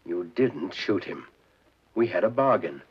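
An actor playing a proud, scheming Devil who talks in florid, grandiloquent phrases, in 1940s film style. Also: male voice, lowish voice, expressive, measured pace, very noisy. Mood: coaxing. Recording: muffled 1940s film soundtrack.

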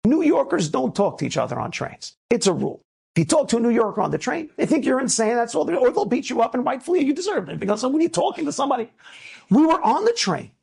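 A man from the United States gives an inspirational talk as a rabbi. His voice is gravelly and a little husky. He tells his stories in lively low asides and then presses his point in emphatic preaching. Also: fast. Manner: animated storyteller, swings between low asides and emphatic preaching.

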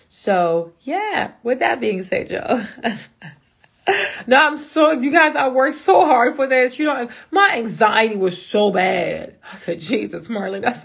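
A woman who runs a makeup brand, chatting casually on a live stream to her followers in a bubbly, excitable way that now and then jumps into high squeals. She is speaking into a phone. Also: breathy edge.

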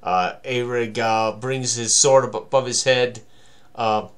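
A man with a mid-range voice plays in a tabletop game. He describes his character's moves in a slow, measured way. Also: medium pitch, flat delivery, a bit bright, clean tone. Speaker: player. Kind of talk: casual tabletop play.

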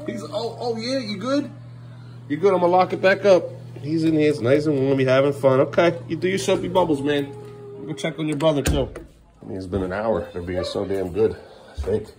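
Playful dad with lively, bouncing voice. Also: male voice, on the high side, fairly quick, music in the background. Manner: playful teasing dad, coaxing and praising kids. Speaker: father filming his kids. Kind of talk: casual family vlog. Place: family home, indoors.

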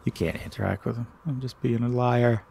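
A man's voice: medium pitch, steady tone, a little fast, creaky, dark tone, a little hiss or hum. A man teasing and joking playfully while playing a co-op game on stream. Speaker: co-op gamer on stream. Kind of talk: casual gaming banter.

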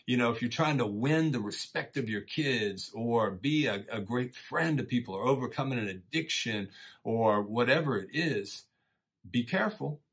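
Middle-aged guy giving a laid-back sermon, kinda husky, folksy and encouraging. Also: medium pitch, animated, moderate pace, a bit bright. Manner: folksy and encouraging, often says "man" and "you know". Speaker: church teacher. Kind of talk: casual conversational sermon.

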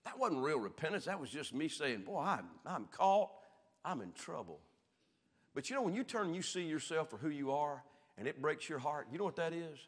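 A man with a Southern American accent preaching a sermon as pastor, swinging from shouted peaks down to low, quiet lines. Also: lively intonation, fast. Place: church sanctuary. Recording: echoey church hall.

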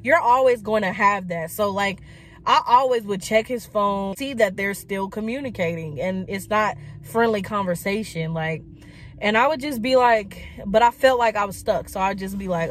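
A woman's voice: medium pitch, measured pace, slight background noise. Woman, casual vlog storytelling, chatty, lots of likes. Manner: chatty, many likes and quoted asides. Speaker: vlogger.

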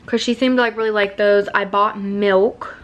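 Excitable young woman vlogging. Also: medium pitch, normal speed, muffled recording. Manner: excitable, swears freely, slangy. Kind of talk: casual vlog chat.

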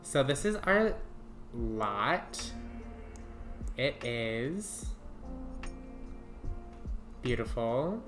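Very low-voiced woman musing over a game. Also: very animated, faint music behind. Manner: muses aloud, trying out names, quick to giggle. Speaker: streamer. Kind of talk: casual gameplay commentary.

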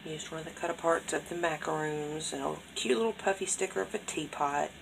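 Woman, casual vlog chat, gushing, slightly low voice. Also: fairly quick, creaky, background noise. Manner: gushing, excitable, repeats praise words. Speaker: craft vlogger opening happy mail.

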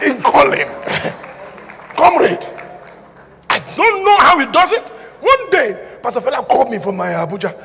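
Brief: middle-aged man, jokey preacher, bright forceful tone, reverberant church hall. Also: high-pitched, creaky. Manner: animated, jokey, shouts and acts out dialogue. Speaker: pastor. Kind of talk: sermon. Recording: hall reverb with faint ambience.

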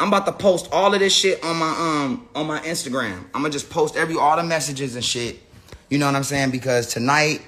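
A man's voice: mid-range voice, a bit bright. A man ranting unscripted to his viewers, profane and rambling, often restarting his sentences. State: says he is high. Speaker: person telling his side of a story.

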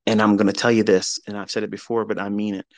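Talking fast in a fairly low, level voice with no room sound, this middle-aged trading mentor delivers a frank motivational speech. He's profane and blunt, moving between hard emphasis and confessional moments.

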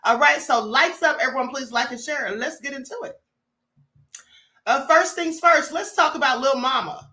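High bright-voiced woman hosting a livestream. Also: moderate pace, echoey room. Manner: chatty, greets viewers by name, asks for likes. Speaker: livestream host. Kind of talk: casual livestream commentary.

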